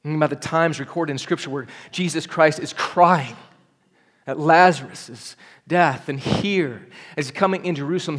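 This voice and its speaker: A male pastor delivers a sermon in church, his speaking voice sitting a little higher than most men's. He preaches earnestly and presses into urgent appeals to the congregation. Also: moderate pace, fairly bright tone. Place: church service.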